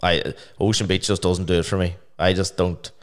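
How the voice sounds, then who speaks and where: A man's voice: low-pitched, little pitch movement, moderate pace. A man chatting casually on a podcast, blunt and sweary. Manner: blunt, sweary, laid-back. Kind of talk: casual chat.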